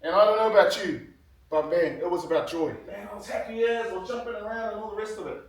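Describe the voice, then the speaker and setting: A man's voice: high voice, fast. Man in his 50s, earnest motivational speaker; sound is distant from the mic in a very reverberant hall. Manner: earnest storytelling, grows emotional. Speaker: guest speaker, former rugby player. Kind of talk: motivational speech to students. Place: large hall with an audience. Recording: very echoey hall, heard from afar.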